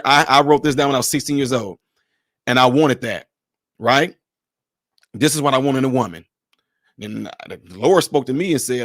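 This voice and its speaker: Animated man telling relationship stories in casual talk. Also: medium pitch, no echo, clean studio sound. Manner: animated storyteller, acts out dialogue in other voices. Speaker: podcast panelist giving relationship advice.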